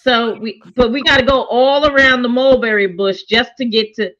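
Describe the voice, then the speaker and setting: A woman whose voice sits on the high side speaks at normal speed while co-hosting an informal review of a TV series. Animated and chatty, she quotes characters as she goes in her own voice, recorded with a dull lo-fi sound.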